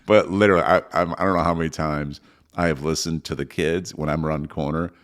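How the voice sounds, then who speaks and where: A man's voice: very deep voice, steady tone, fast talker, a bit bright. A middle-aged man co-hosting a podcast, telling a funny family story in casual chat, laughing often as he talks. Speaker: podcast co-host.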